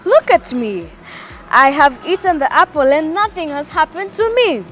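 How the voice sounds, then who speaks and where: A woman voicing an eager, curious first woman in a children's story, speaking in an excited, exclaiming way. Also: high-pitched, normal speed, soft background music, voice pushed up.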